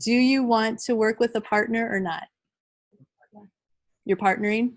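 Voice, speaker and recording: A woman's voice: fairly high pitch, fairly even intonation, unhurried, poor audio. A middle-aged woman leading a live training workshop, talking conversationally and addressing the group directly.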